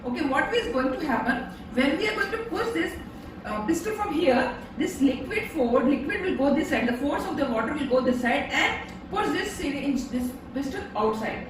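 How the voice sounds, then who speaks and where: A woman's voice: high voice, expressive, moderate pace. A woman patiently teaching her young daughter a home science activity, repeating steps and checking with a rising "okay?". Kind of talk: home science lesson for a toddler. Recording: echoey room, distant mic, background noise.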